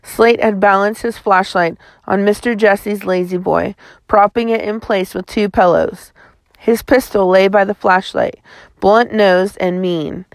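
A woman's voice: mid-range voice, steady tone, a little slow, no echo. A woman reading a chapter book aloud in a folksy first-person storytelling manner, close to the mic. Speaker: audiobook narrator.

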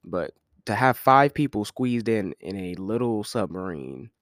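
Man, very low voice, podcast host, laid-back slangy chat, laughs a lot, dry close sound. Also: unhurried, dry recording. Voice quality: relaxed, joking, slangy. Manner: chatty, laughs often, talks to listeners as y'all. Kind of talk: casual solo podcast chat.

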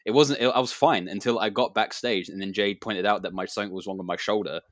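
Man, low pitch, rambling, filler-heavy, dry recording. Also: fairly even intonation, quick pace, no room sound. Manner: rambling, with many fillers and restarts. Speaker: wrestler. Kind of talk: casual storytelling chat.

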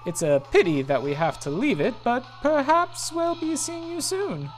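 A player putting on a scheming video game villain, slow and overly polite, mocking under every word. The pitch swings widely, and faint music sits behind. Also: sing-song, rough recording. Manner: drawn-out, polite menace.

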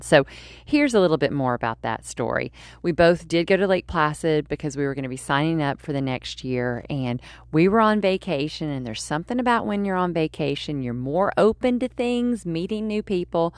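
A woman in her forties hosting a podcast, telling a personal story in a chatty, animated way with fillers and restarts. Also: low voice, dry recording. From United States. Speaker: podcast host. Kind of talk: casual storytelling monologue.

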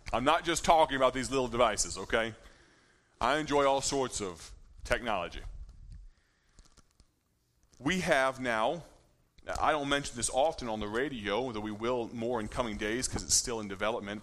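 A man's voice: medium pitch, normal speed, long pauses, a bit bright. A man in his thirties giving an informal talk at a ministry gathering, chatty and joking, often checking in with his listeners. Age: 30s. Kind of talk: informal talk to a live audience.

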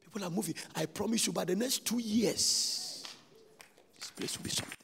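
A man with a Ghanaian English accent preaching a sermon as a prophet to his congregation. He swings from shouted declarations to hushed asides. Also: high-pitched, moderate pace, vocal fry, slight background noise. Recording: long hall reverb.

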